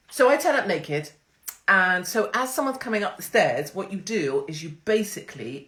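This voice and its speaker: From her home, a middle-aged woman hosts a livestream on her phone, delivering a crude, sarcastic monologue. Her voice sits low with a slight brightness, and she is brash and swears freely.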